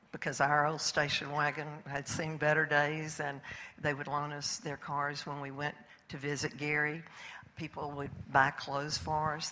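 A man's voice: on the high side, bright, forceful tone, slight background noise. A man giving a grateful church testimony in a plain storytelling manner.

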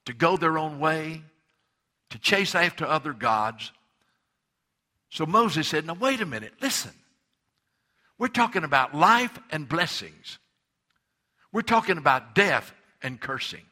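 Slow, bright-toned male preacher. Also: fairly high pitch, animated. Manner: emphatic preaching with dramatic pauses. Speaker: pastor. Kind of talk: sermon.

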